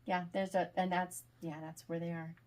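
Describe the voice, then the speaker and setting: A woman author being interviewed, chatting casually and animatedly, quick to laugh. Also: fairly low pitch, level tone, darkish tone. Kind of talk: casual video call chat.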